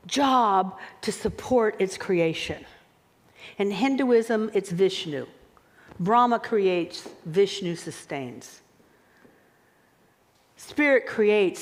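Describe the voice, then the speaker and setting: Female minister, slightly high voice, expressive sermon delivery. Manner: expressive, chant-like repetitions. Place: church sanctuary.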